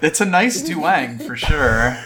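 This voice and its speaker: Bright, animated man recapping an episode. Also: on the high side, slow pace. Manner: animated, laughs often. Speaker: podcast co-host. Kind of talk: casual chat recapping an episode.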